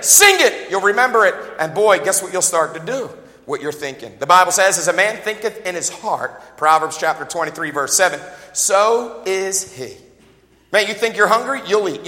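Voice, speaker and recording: A man preaching in a large auditorium, his high, bright voice rising into emphatic calls to the congregation. Long hall reverb trails behind each phrase. He is folksy, slipping in joking asides between the shouts. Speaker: pastor. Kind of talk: sermon.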